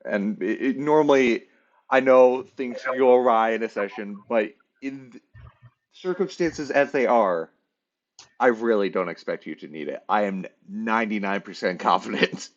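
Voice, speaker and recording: A man's voice: lowish voice, normal speed. A man running a tabletop game as game master, talking casually with many fillers. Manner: hesitant, lots of fillers. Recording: lo-fi muffled mic.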